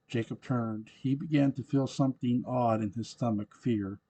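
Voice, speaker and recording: A man narrating a novel aloud in a steady, unhurried reading voice. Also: on the low side, slightly rough, poor audio.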